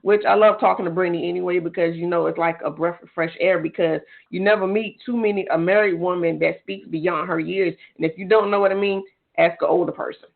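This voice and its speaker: A woman's voice: fairly low pitch, steady tone, brisk, vocal fry. A woman co-hosting a podcast in casual chat, chatty and gushing with a teasing streak. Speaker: podcast co-host. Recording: tinny phone-line sound.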